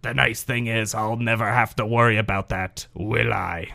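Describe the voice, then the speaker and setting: Man doing a sour, gravelly cartoonish fan; smug, low, quiet. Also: steady tone, normal speed, dry recording, studio quality. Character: surly smug male football fan.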